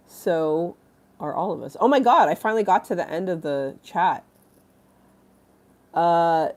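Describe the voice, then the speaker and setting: A congested woman with a deep voice and darkish tone hosts a live stream, rambling and giggling as she chats with viewers and reads the chat aloud.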